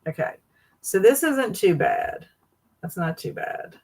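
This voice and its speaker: A woman's voice: mid-range voice, expressive, slow pace, darkish tone, rough recording. A woman hosting a casual livestream, reacting with amused, laughing commentary. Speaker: livestream host.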